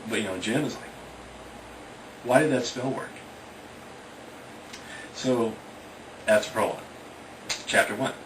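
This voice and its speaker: A man casually retelling a story in a rambling way, full of fillers like "you know" and "like". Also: fairly low pitch. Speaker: author retelling his book. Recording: distant, echoey and noisy.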